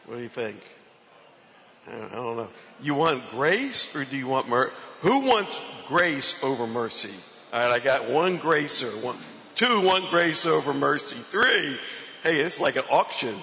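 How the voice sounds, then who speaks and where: Gravelly man preaching in a reverberant hall. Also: medium pitch, bright, forceful tone, slight background noise. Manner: questions the congregation, playful. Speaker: preacher on a panel. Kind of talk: conversational sermon. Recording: long reverb from a hall, faint ambience.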